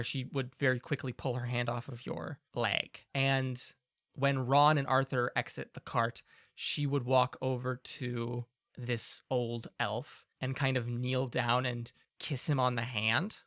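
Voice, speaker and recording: A man narrating a tabletop game as game master in a measured, descriptive way. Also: mid-range voice, level tone, a bit bright, no echo, studio quality.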